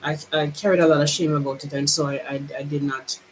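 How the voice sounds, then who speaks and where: Halting, emotional woman talking to camera. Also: low-pitched, steady tone, rough recording. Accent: Jamaican. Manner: halting, restarts often, pours out feelings. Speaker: vlogger. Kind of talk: emotional personal monologue.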